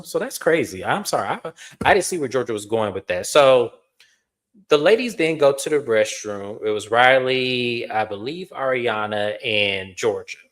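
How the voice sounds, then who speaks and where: A man with a mid-range voice hosts a reality TV recap in a casual commentary style. He's blunt and animated, swears freely, and addresses viewers as "y'all."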